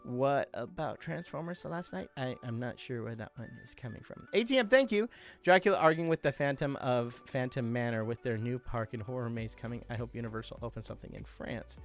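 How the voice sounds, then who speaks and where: A man's voice: medium pitch, brisk, soft background music. A young man hosting a live stream, chatting casually and reading out viewer requests. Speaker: livestream host doing voice impressions.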